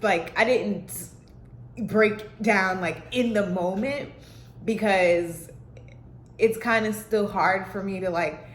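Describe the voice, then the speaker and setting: A woman's voice: medium pitch, slow pace, reverberant, a little hiss or hum. A woman talking to her own camera alone at home, candid and rambling in a casual, heartfelt vlog style with many fillers. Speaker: vlogger on healing and mental health. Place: alone in a room at home with plants and a dog. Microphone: self-recorded camera.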